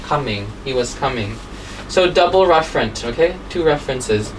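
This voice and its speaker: A woman's voice: rumbling low, animated, normal speed, recorded from a distance, rough recording. Brief: female English teacher mid-lesson, chatty tag questions, mic set back from her with faint room hum. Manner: checks in constantly with "okay?" and "right?". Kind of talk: grammar lesson, explaining.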